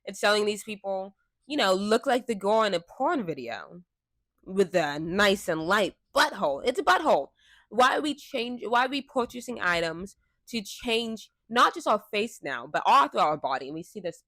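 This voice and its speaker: A woman's voice: medium pitch, big pitch swings, moderate pace, fairly bright tone, no room sound, clean studio sound. Frank, chatty young woman vlogger. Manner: frank, chatty, laughs often. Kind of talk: casual talk to camera. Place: indoors, seated before a fixed camera. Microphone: camera mic.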